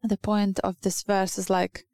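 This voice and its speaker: Slow gravelly preacher woman. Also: mid-range voice, level tone, a little mellow. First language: Lithuanian. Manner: earnest, halting, searching for English words. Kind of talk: sermon.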